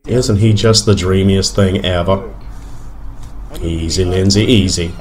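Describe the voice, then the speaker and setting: A man's voice: sits low, steady tone, unhurried, a crowd in the background. A man doing an impression of a fawning, starstruck male senator. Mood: gushing. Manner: gushing.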